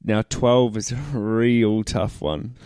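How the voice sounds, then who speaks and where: A man's voice: lowish voice, steady tone, takes it slowly, darkish tone, clean tone, dry recording, studio quality. A man co-hosting a podcast in casual chat, mostly giving short agreeing replies with some playful pushback. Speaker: podcast co-host.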